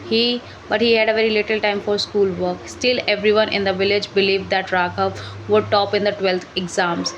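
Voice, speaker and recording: A woman reading a story aloud for shadowing practice, halting and correcting herself as she goes. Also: mid-range voice, little pitch movement, muffled recording, slight background noise. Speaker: English learning channel host.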